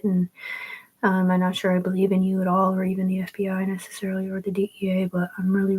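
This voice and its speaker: A woman's voice: medium pitch, a little mellow, low-quality recording. A middle-aged woman rambling through family photos in a profane, meandering monologue. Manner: rambling and profane, jumping between topics.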